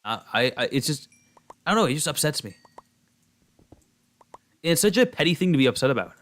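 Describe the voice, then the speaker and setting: A man's voice: on the high side, very animated, a little fast, fairly bright tone. A young man streaming a game and chatting casually with viewers, rambling with lots of fillers and restarts. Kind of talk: casual chat while gaming.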